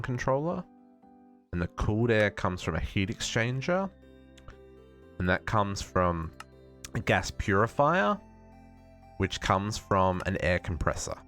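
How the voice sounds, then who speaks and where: A man's voice: fairly low pitch, a bit bright. Australian man musing aloud while gaming. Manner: thinking aloud, musing and self-correcting. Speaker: streamer. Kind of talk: casual live-stream gaming chat.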